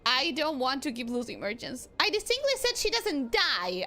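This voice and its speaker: A young woman streaming a game in a casual, expressive way, often bursting into exasperated outcries. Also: sits high, normal speed, few pauses.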